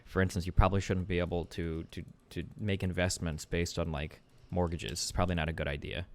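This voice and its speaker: A man's voice: low voice, level tone, slight background noise. A man hosting a stream, arguing politics casually with a caller, blunt and full of fillers and swearing. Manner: talks fast with many fillers, blunt and swearing. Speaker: streamer host debating a caller.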